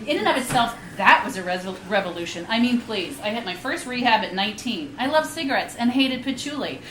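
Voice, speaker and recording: A woman's voice: fairly high pitch, animated, brisk, sharp tone, a little hiss or hum. A woman in her fifties giving a live reading of her memoir, wry and candid, with frank asides, at a reading venue. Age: 50s. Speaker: reading series host and author. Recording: echoey room.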